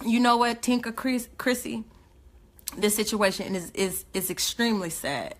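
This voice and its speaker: A woman's voice: on the high side, moderate pace. A woman speaking, giving an emotional, indignant livestream rant full of rhetorical questions.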